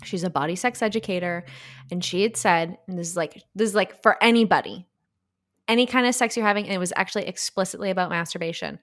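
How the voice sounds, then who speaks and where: A woman's voice: lowish voice, fast talker. A woman co-hosting a podcast in casual chat, rambling, laughing and poking fun at herself. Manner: rambling, laughing, self-mocking. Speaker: podcast co-host.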